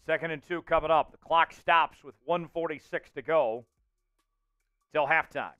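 A man hosting a livestream and calling the plays of a simulated football game, reading names from the chat and getting loud on big plays. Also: a little high, normal speed, smooth, highs cut off, soft background music. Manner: excitable, shouts out chat names and hypes touchdowns. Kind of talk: live play-by-play commentary.

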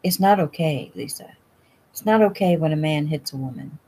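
A woman voicing a protective, quick-tempered middle-aged father in a storybook, blunt and gruff. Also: sits low, expressive, dark tone, slight background noise, poor audio. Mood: angry, gruff.

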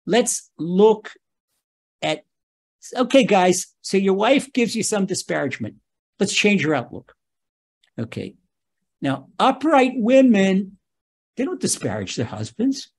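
A man's voice: high voice, very animated, takes it slowly, pauses often, darkish tone. A man, a rabbi, giving a spoken Torah lesson, emphatic and talking straight to his listeners, often repeating his key phrases.

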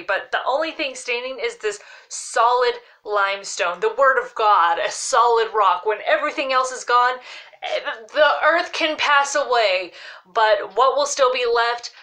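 A woman's voice: on the high side, pushed and bright. A woman hosting a casual devotional Bible talk to camera, earnest and heartfelt, with lots of "like" as she goes. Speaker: Bible teacher, show host.

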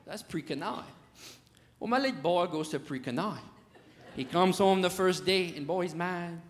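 A man's voice: high voice, moderate pace. A middle-aged man with a Louisiana Cajun accent, telling folksy stand-up stories about his kids in a drawling, dialect-rich way. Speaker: stand-up comedian. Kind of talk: stand-up storytelling. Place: comedy stage before a live audience.

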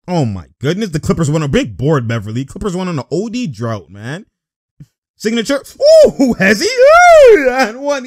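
A man giving casual, excitable reaction commentary over basketball highlights, laughing often and talking in heavy slang. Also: no room sound, studio quality.

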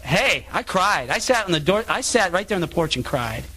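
A middle-aged man giving a sermon-style public talk, animated and acting out the voices of people in his stories. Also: high voice, normal speed, husky. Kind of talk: sermon with anecdotes. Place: meeting hall.

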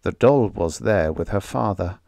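Low-voiced guy reading a story, tough and expressive, dry close mic. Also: a little slow, vocal fry, no room sound. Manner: hard-boiled, expressive. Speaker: audiobook narrator. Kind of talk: first-person story narration.

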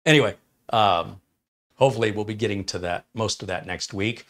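A man hosting a casual tech live stream, chatting and storytelling at an easy pace. His voice sits a little low, and he breaks into laughter often as he talks. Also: brisk, a bit bright. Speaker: tech channel host.

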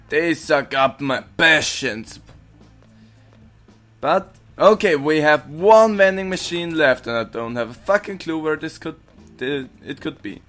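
Male let's-play host, brightish, unhurried delivery, excitable and foul-mouthed, faint music bed. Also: mid-range voice. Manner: excitable, swears, playfully grumpy, yells repeated protests. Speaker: gaming channel host.

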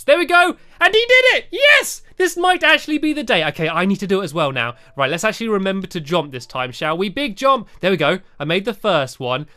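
A man giving playful, excitable commentary over a video game, often filling pauses with "uh". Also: high-pitched. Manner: animated and excitable, frequent "uh" fillers. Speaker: gaming video host. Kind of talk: playful let's-play commentary.

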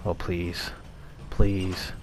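A man's voice: low voice, flat delivery, very slow. Brief: male let's-play commentator, drawling pace, foul-mouthed, jumpy panic, faint noise behind him. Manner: profane, panicky outbursts and muttering. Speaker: gamer playing a horror game.

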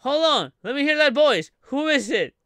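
A man live-streaming his reaction to a trailer, animated and profane, laughing often. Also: very high-pitched, moderate pace.

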